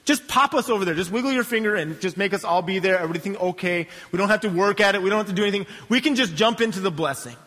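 A man's voice: high-pitched, sing-song, slow, bright, forceful tone, long reverb tail, pitched above the performer's own voice, heavily acted. A man preaching, voicing the complaining Israelites as a whining, pleading crowd in a sermon. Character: whiny complaining Israelites demanding easy blessing.

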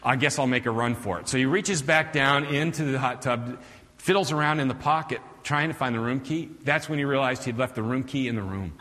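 A male preacher delivering a sermon with animated, chuckling storytelling. His voice is bright and forward, and a long reverb hangs in the hall. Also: mid-range voice, brisk.

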